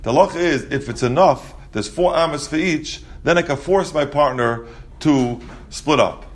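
A man's voice: a little high, normal speed. Guy teaching talmud, sing-songy, keeps asking and answering his own questions. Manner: sing-song explanatory, rhetorical questions, frequent restarts. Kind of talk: Talmud study lesson.

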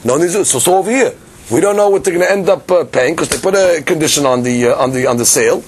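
A man's voice: fairly high pitch, expressive, fast talker, slight background noise. A man teaching a Talmud class, acting out both sides of the argument and mixing Hebrew and Aramaic terms into his English. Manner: acts out both sides of the argument, many restarts. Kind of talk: lively Talmud class, reasoning aloud.

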